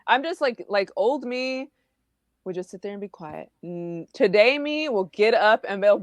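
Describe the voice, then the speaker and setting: Animated woman telling classroom stories. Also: medium pitch, moderate pace. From Houston, Texas. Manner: animated storytelling, acts out quotes. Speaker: podcast guest, teacher. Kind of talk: casual conversation.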